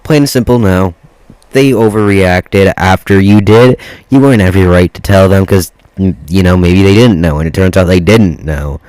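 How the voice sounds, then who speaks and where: A man's voice: low-pitched, moderate pace, darkish tone, dry recording, poor audio. A man reading Reddit posts aloud in a casual way, stopping to swear and react to the text. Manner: swears freely, reacts to typos mid-read. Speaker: reddit story reader.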